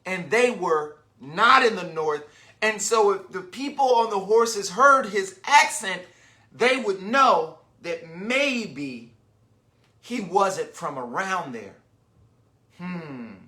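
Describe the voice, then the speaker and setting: A man reads a storybook aloud to young children, taking his time and letting his pitch rise and fall a great deal. His voice is bright and clear. He keeps breaking off to explain words and to ask his listeners questions. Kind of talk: reading a picture book aloud to children.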